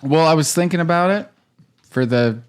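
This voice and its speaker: A man co-hosting a podcast in casual banter, laid-back and pitching ideas with a dry, joking tone. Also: moderate pace, clear, resonant tone. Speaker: podcast co-host.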